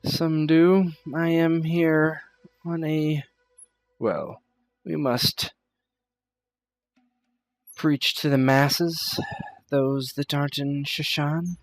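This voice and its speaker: A proud priestess of the desert speaks in cool, formal phrases, as a man puts her on for a tabletop game. The voice sits a little high, slow and gravelly. It is recorded dry and close. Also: flat delivery, no room sound, faint music behind. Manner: formal, aloof speech.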